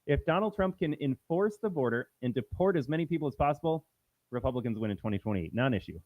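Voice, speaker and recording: A man's voice: mid-range voice, expressive, fast, dry recording, phone-quality sound. A man co-hosting a casual political podcast from a shed, talking in a wry, declarative way. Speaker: podcast co-host.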